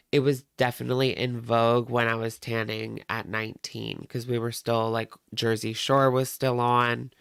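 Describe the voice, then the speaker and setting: A man's voice: mid-range voice, vocal fry, a bit bright, clear, resonant tone, no room sound, studio quality. A man hosting a reaction livestream, chatting casually with viewers in a rambling way.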